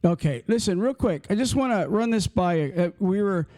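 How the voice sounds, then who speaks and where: A man's voice: sits high, expressive, a little fast, dark tone. A man hosting a trucking podcast from a home studio, loose and joking, rambling with restarts. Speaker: podcast host. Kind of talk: casual podcast chat.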